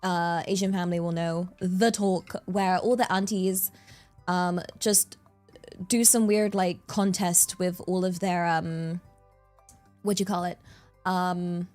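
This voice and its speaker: A woman's voice: lowish voice, level tone, slow, a little mellow, soft background music. A young woman streaming from her desk microphone, chatting casually in a rambling way and laughing often. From England. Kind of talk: casual chat.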